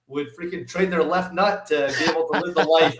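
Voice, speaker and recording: A middle-aged man chatting casually on a podcast, his voice sitting a little high for a man. He tells stories with animation and acts out each exchange. The room around him is echoey. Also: fairly quick, background noise. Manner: animated storyteller, acts out dialogue.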